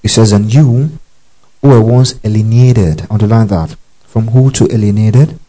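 A man's voice: lowish voice, moderate pace, dark tone, poor audio. A man preaching a Bible teaching sermon, repeating key phrases and often checking that listeners follow him. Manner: tells listeners to underline verses.

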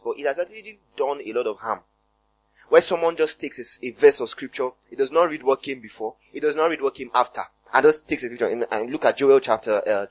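Animated Nigerian pastor, high, lively voice. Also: male voice, breathy edge, no echo, lo-fi sound. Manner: animated, conversational preaching, punctuated by hallelujahs. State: voice cracking. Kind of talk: sermon.

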